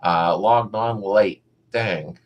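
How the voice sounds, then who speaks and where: A man's voice: fairly low pitch, very slow, dull audio. A middle-aged man hosting a casual live stream, rambling as he reads viewers' comments aloud and greets them by name.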